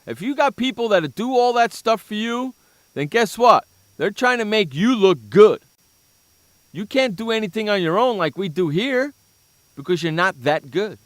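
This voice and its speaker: A male sports talk host tears into a target with theatrical scorn, his voice sitting a bit high. The sound is dry and close, with no room around it. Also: lively intonation, moderate pace, no room sound. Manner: mocking, insulting, loud bursts. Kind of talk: comedic sports talk rant.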